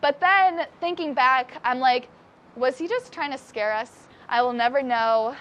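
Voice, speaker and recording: A young woman telling a lively travel story to a group at a hostel, dramatizing the scary parts. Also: high-pitched, unhurried, faint music behind. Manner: lively, expressive, dramatizes with rising voice. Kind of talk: casual storytelling. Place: hostel common area.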